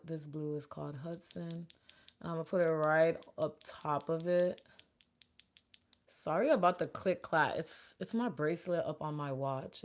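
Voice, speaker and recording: A young woman chatting casually with her viewers while doing her makeup. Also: sits low. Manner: chatty, animated, talks to viewers and chat. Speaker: beauty vlogger and makeup artist.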